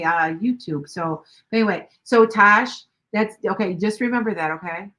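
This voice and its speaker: A woman's voice: medium pitch, normal speed, hardly any pauses, pushed and bright, poor audio. An older woman hosting a tarot livestream, chatting casually in a rambling way with many restarts. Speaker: tarot reader livestream host.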